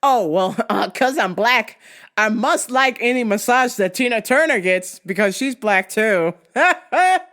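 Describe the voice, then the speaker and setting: A woman's voice: medium pitch, a little slow, a bit bright. A woman hosting her own podcast, telling comic stories with a lot of swearing and laughter. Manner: profane, laughing often. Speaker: podcast host. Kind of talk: casual comic storytelling.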